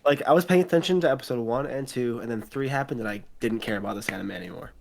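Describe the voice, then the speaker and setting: A man's voice: medium pitch, fast, gravelly, darkish tone, a little hiss or hum. A man co-hosting a casual podcast who complains bluntly. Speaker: podcast co-host. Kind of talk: casual chat.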